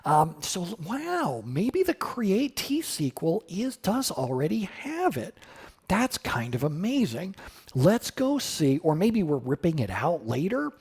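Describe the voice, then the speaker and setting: A man's voice: sits high, wildly swooping pitch, takes it slowly, darkish tone, breathy edge. A middle-aged man live coding on a stream, thinking aloud casually with sudden surprised exclamations and answering chat questions.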